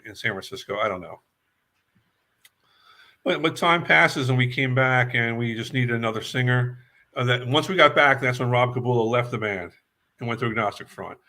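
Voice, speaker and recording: An older man from New York recalls his band days in a bright, forceful voice. He rambles through his stories and repeats words as the memories come back. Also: mid-range voice. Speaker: guest musician. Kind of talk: casual storytelling interview.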